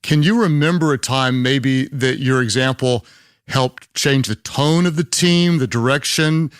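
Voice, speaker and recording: A man's voice: medium pitch, unhurried, clean tone, no room sound, clean studio sound. A man with a Southern Oklahoma accent hosting an interview, asking questions in an encouraging, affirming way. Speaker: podcast host. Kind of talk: conversational interview.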